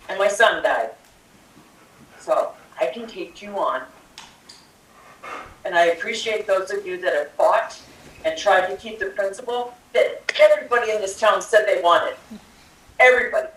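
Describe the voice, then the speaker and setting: A woman's voice: medium pitch, moderate pace, fairly bright tone, recorded from a distance. An older woman speaks her mind at a school board meeting, impassioned and confrontational. Her voice echoes through a roomy hall, caught from some way off the mic. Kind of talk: public comment speech. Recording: echoey hall, picked up from afar.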